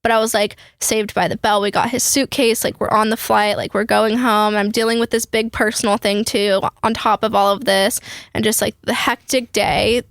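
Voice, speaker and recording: A young woman telling a travel story in an animated, swearing, quick way as a podcast host. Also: medium pitch, no echo. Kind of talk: casual storytelling chat.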